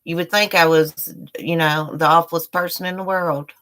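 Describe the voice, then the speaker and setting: A middle-aged woman rants to her live-stream viewers, heated and profane. Her voice sits low but comes out tense and forceful. She talks straight at the audience as she vents. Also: fairly even intonation, moderate pace. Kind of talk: angry live-stream rant.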